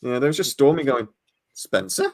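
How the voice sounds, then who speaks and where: A man's voice: on the low side, moderate pace, crowd noise. A tired man co-hosting a podcast, chatting casually and stammering as he rambles. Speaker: podcast co-host. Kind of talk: casual chat.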